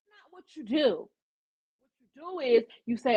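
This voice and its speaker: A woman's voice: on the high side, lively intonation, moderate pace, husky, dull audio. A woman hosting a casual live-stream commentary show, blunt and profane, acting out the quotes she tells.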